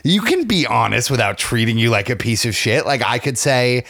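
A man's voice: medium pitch, big pitch swings, moderate pace, vocal fry, a bit bright, dry recording, clean studio sound. A young man co-hosting a casual podcast, rambling with lots of fillers, joking and swearing. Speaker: podcast co-host.

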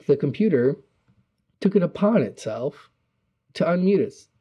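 A man's voice: on the high side, sing-song, measured pace, breathy edge. A man co-hosting a casual chat, laid-back and heavily profane, often acting out quotes. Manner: laid-back, heavy swearing, acts out quotes. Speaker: podcast co-host. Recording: slightly dull lo-fi mic.

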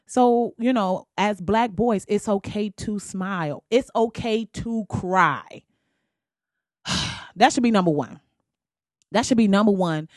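A woman's voice: mid-range voice, slow, long pauses, darkish tone, dry recording, studio quality. A young adult woman talking bluntly and candidly in a casual vlog, profane and laughing often. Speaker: vlogger.

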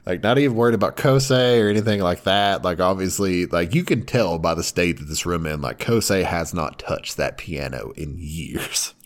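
A man in casual chat recapping a show, animated, laughing often and acting out characters in raised voices. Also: low voice, moderate pace, few pauses.

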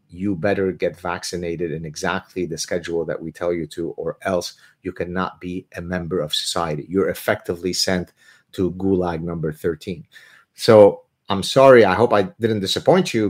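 A man hosting a live question-and-answer stream, talking in an animated, opinionated way with joking asides. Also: lowish voice. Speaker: host answering viewer questions.

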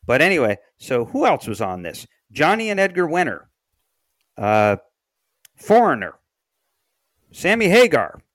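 A man's voice: a little high, huge pitch swings, unhurried, pauses often, fairly bright tone, dry recording. A man co-hosting a podcast, chatting casually about music history with wry, sardonic, profane asides. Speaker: podcast co-host.

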